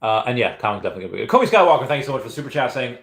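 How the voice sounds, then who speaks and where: A man's voice: medium pitch, very animated, fairly bright tone, roomy sound. A man in his thirties, originally from Peru, chatting casually on a live stream and reading out comments, rambling with many restarts. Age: 30s. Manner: rambling, halting, lots of restarts.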